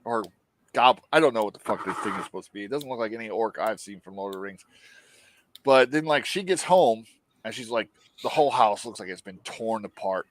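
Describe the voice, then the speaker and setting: A man's voice: on the low side, a little fast, a little hiss or hum. A man casually recapping a show for a podcast, swearing freely and acting out the characters' lines as he tells it. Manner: animated storytelling, acts out quotes. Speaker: podcast co-host.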